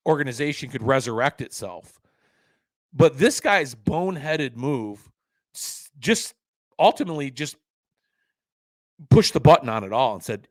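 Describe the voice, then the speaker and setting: A man's voice: mid-range voice, expressive, normal speed, dry recording, low-quality recording. Indignant man ranting on a podcast. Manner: indignant, sarcastic, swears freely, swings between loud outbursts and mutters. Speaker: podcast host. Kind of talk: opinionated solo podcast rant.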